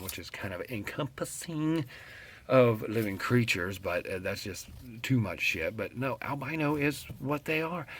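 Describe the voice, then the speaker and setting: A middle-aged West Virginian man rants straight to his viewers in a casual vlog. His voice sits a little low and carries a gravelly rasp. He tells his story bluntly and with plenty of profanity. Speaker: vlogger.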